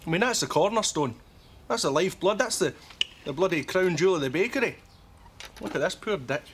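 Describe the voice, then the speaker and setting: Sitcom part: sardonic Scottish grump, higher voice. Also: male voice, expressive, brisk, a little hiss or hum. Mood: ranting. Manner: ranting, sardonic. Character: grumpy cynical old Scottish man.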